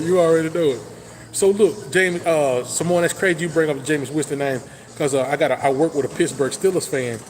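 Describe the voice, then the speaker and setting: A man hosting a casual football talk show, hyping his team with loud, boastful trash talk. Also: on the high side, a little hiss or hum. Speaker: sports talk host. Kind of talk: casual sports chat.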